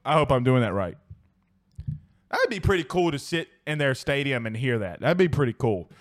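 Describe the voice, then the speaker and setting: A man's voice: mid-range voice, big pitch swings, normal speed. A man from South Louisiana with an accent from there, hosting a sports talk show and ranting in a heated, profane way while reading live comments.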